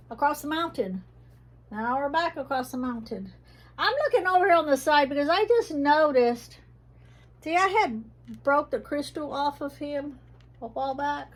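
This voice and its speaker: A woman with a mixed Texas and Tennessee Southern accent, chatting casually at home in a vlog about her herb shelf. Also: on the high side. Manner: chatty, rambling, says she talks fast. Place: indoors at home, rain outside.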